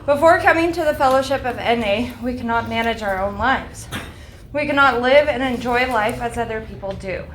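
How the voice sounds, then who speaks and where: Woman reader, a bit out of breath. High voice, echoey hall, faint background noise. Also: normal speed, fairly bright tone. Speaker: meeting reader. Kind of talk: reading a recovery text aloud. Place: meeting hall.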